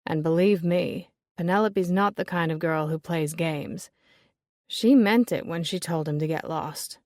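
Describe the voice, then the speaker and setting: A woman's voice: fairly low pitch, unhurried, a little mellow, no room sound, studio quality, close to an everyday voice. A woman voicing a blunt, chain-smoking shop owner. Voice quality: raspy smoker's voice. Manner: blunt, offhand.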